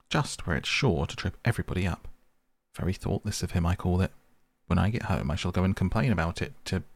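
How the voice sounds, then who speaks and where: A man's voice: deep voice, dry recording. A man voicing a small, stubborn male mole who complains pettishly, in a storybook reading. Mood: grumbling.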